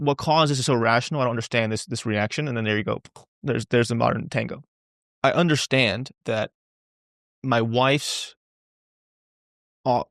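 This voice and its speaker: A man's voice: mid-range voice, gravelly, fairly bright tone, dry recording, clean studio sound. A man speaking as a podcast guest, talking candidly and loosely, repeating words as he goes and swearing casually. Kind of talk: candid conversational interview.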